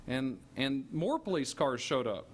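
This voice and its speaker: A man telling a personal story in a lively way, stammering and restarting as he goes. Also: mid-range voice, measured pace, slightly rough. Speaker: storyteller giving a testimony.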